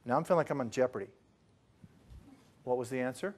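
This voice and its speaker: A man leading a presentation-skills training session, telling a story to a group with animated swings from hushed to loud. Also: mid-range voice, fast talker.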